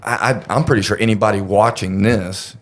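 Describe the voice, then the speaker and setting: A man's voice: fairly low pitch, fairly even intonation, fairly quick, fairly bright tone. A man casually telling a story on a podcast, rambling and profane, with lots of fillers.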